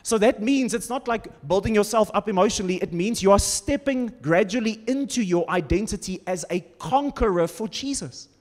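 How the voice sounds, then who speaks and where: A man preaching in a big church, his voice sitting high and trailing a long reverb off the hall walls. He talks to the congregation casually, dropping in wry jokes and sarcasm between points. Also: lively intonation, fairly quick, few pauses, a little mellow. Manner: conversational, humorous preaching with sarcastic asides. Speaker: pastor. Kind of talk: sermon. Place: large church auditorium.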